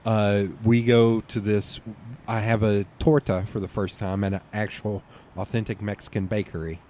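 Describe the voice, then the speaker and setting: A man's voice: lowish voice, level tone, normal speed, mellow, a little hiss or hum. A man with a Southern US accent, a podcast guest rambling through stories in casual chat and laughing often.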